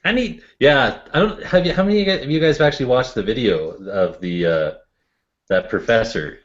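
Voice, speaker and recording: A Canadian man hosting a round-table chat over a video call, laid-back and quick to laugh. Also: mid-range voice. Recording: dull lo-fi call audio.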